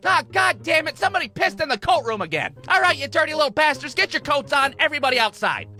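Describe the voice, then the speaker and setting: A woman's voice: high-pitched, animated, brisk, sharp tone, faint music behind, voice pushed up. A man voicing a fed-up, foul-mouthed schoolteacher woman. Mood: exasperated. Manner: exasperated, crude scolding.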